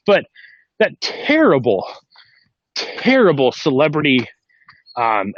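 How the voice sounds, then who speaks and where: A man's voice: a little high, dry recording, muffled recording. A man hosting a casual live-stream podcast from inside a vehicle, chatting in a rambling way and talking to his kids between points. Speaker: podcast host.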